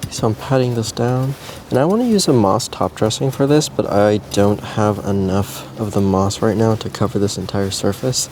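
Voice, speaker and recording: A man vlogging about plant care in a relaxed, meandering casual chat while potting plants, with frequent ums and likes. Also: on the low side, moderate pace, background noise.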